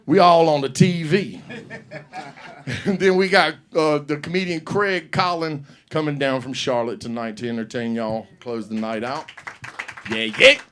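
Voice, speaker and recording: A middle-aged man hosting a comedy show on stage, telling profane stand-up stories and acting out scenes. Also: on the high side. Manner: loud, profane storytelling with act-outs.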